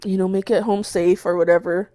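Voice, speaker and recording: A young woman co-hosting a podcast, telling a story in a casual, animated way, swearing often and acting out her own shouts. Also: medium pitch, a little fast, dry recording, studio quality. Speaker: podcast co-host.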